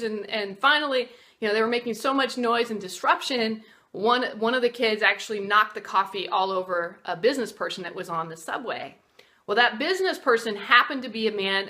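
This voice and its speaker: A woman's voice: medium pitch, pushed and bright. A middle-aged woman, a martial arts teacher, telling a motivational story in a casual, conversational way, with fillers and restarts.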